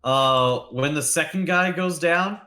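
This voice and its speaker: A young man narrating a tabletop game as game master, loosely, with lots of fillers and quick character voices. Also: a little high, pushed and bright, roomy sound.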